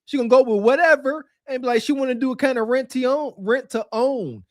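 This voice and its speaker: A man's voice: very high voice, fairly quick, no room sound, clean studio sound. A man co-hosting a podcast, giving mocking commentary and acting out quotes in character. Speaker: podcast co-host.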